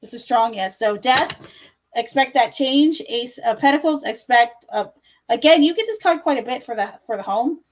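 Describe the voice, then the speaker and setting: A woman's voice: a little high, expressive, moderate pace, rough recording. A young woman giving casual tarot readings on a live stream, chatty and full of fillers, calling viewers love and my dear. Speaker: livestream tarot reader.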